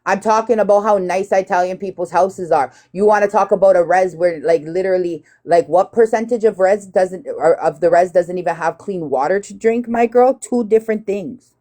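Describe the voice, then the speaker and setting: A woman with a slightly low voice hosts a heated live chat. She talks bluntly, swears freely and retells conversations with animated quotes. She sounds like she is in her thirties. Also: normal speed, hardly any pauses. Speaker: live stream host.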